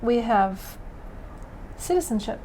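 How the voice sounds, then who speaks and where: A woman yarn dyer, a guest in a casual interview, speaking in a measured, thoughtful way. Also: a little high, expressive, warm tone, slight background noise. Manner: measured and thoughtful, slow and careful.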